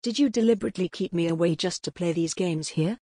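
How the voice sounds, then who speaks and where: A woman's voice: on the low side, fast talker, dark tone, breathy edge, dry recording, studio quality. A woman voicing an exasperated male talent manager with an irritated, sarcastic manner.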